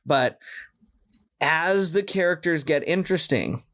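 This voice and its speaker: A man co-hosting a podcast, giving a casual film review in a blunt, exasperated way with quick asides. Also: fairly high pitch, expressive, fairly bright tone. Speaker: podcast co-host.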